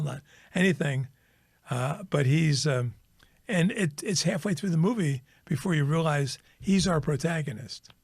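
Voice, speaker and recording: A man co-hosting a podcast, telling a story in a casual, animated way and acting out the characters. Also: dry recording, clean studio sound. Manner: animated storyteller, acts out characters with pitch jumps. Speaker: podcast co-host. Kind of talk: casual chat, retelling a film joke.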